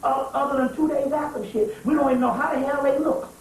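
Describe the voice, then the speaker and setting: A man giving a profane lecture to a live audience, animated and laughing, telling stories in street talk with call-and-response asides. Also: extremely high pitch, fast talker. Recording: very echoey room, distant mic, archive tape.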